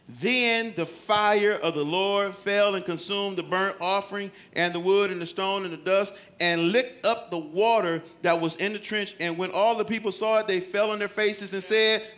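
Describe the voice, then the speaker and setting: A man preaching a sermon, swinging from loud, dramatic calls to quiet, low scripture reading. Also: fairly even intonation, moderate pace, hardly any pauses.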